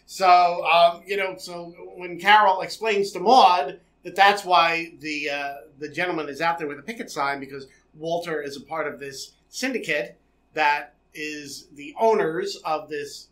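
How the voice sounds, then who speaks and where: A man's voice: fairly high pitch, fairly even intonation, a little slow, fairly bright tone. A man co-hosting a podcast in casual chat, answering with short dry agreements. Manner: dry, agreeing short replies, echoes his partner. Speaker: podcast co-host. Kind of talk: casual chat recapping a TV episode.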